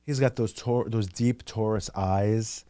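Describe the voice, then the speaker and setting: A man hosting a podcast in a casual monologue, talking in an animated, rambling and profane way. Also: on the low side, unhurried, no room sound. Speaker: podcast host.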